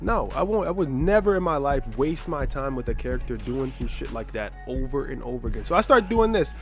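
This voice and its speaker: A man's voice: mid-range voice, very animated, a little fast, fairly bright tone, faint music behind. A man giving gameplay commentary as a gaming video maker, trash-talking his opponent with plenty of swearing. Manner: brash trash-talking, profane. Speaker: gaming YouTuber.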